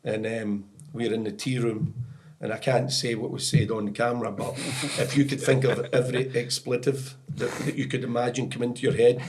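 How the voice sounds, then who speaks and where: A man's voice: mid-range voice, flat delivery, a little fast, darkish tone. A middle-aged Scottish man, a guest on a soccer podcast, telling anecdotes in a rambling way with lots of "you know" and restarts, often breaking into laughter. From Scotland. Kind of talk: storytelling podcast interview.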